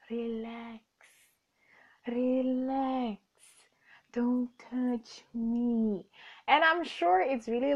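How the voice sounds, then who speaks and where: A young woman talks through a loose, jokey podcast monologue. She circles back on her thoughts and corrects herself mid-sentence. Her voice sits a little high, and the recording sounds dull and lo-fi. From Namibia. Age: young adult. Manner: rambling, self-correcting, laughs often, jokey. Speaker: podcast host. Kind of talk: casual monologue.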